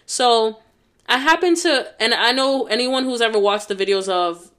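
A woman's voice: fairly high pitch, moderate pace, a bit bright. A young woman hosting a casual solo podcast, talking in a heartfelt, rambling way full of fillers. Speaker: podcast host.

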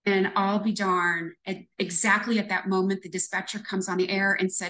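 A woman's voice: medium pitch, level tone, moderate pace, few pauses, pushed and bright, low-quality recording. A woman in her fifties, a retired police lieutenant, telling a story earnestly and reflectively in an interview.

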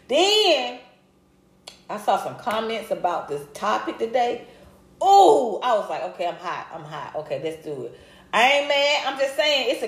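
A middle-aged woman with a slightly high voice hosts a casual livestream and greets her viewers one by one. She talks in a lively, chatty way and laughs easily. The room adds a noticeable echo. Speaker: livestream host. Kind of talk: casual live chat reading comments. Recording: roomy echo.

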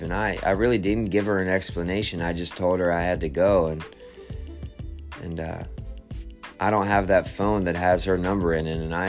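Quiet and reflective, a man with a deep voice recounts his testimony haltingly, with repeated words and restarted sentences as he gropes for the right words. Faint music sits softly underneath.

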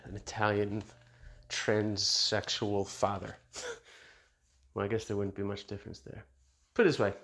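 A middle-aged man hosting his own show in a blunt, rambling, profane monologue, laughing between remarks. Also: lowish voice. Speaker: show host.

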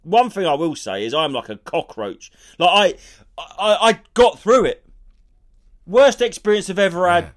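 Comic co-host, lively, slightly high voice, casual storytelling. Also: male voice, normal speed. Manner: animated storytelling, swearing freely. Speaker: comedian podcast co-host. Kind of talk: casual podcast banter.

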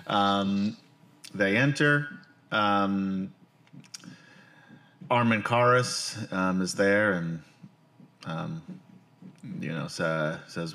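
A man's voice: on the low side, slow pace, pauses often, a bit bright. A man narrating a tabletop game as game master, rambling with lots of fillers. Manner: rambling, full of fillers, upbeat sign-offs.

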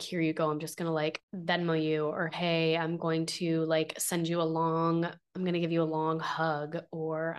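A young adult woman hosting a podcast, talking in an earnest, heartfelt personal monologue, emotional and close to tears, with many fillers and restarts. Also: low-pitched. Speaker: podcast host.

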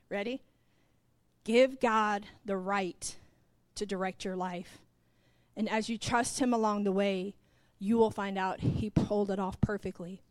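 A woman's voice: mid-range voice, no room sound. A middle-aged woman preaching a sermon from the pulpit. She tells a personal story, acts out the dialogue and speaks straight to the congregation. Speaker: pastor's wife, preacher.

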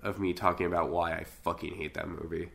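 A man's voice: low-pitched, flat delivery, fast talker, vocal fry, a bit bright. A man talking as a podcast guest in casual chat, sardonic and swearing freely.

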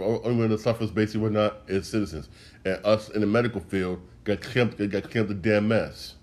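A man's voice: on the low side, fairly even intonation, fairly quick, a little mellow. A man hosting a solo podcast, ranting in a heated way, repeating himself and speaking straight to his listeners. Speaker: podcast host.

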